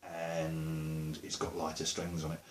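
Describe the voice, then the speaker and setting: A man's voice: a bass voice, monotone, slow, reverberant, slight background noise. A man with an Essex accent, a musician chatting casually to camera, rambling and joking with lots of fillers and asides. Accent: Essex English. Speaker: musician vlogger.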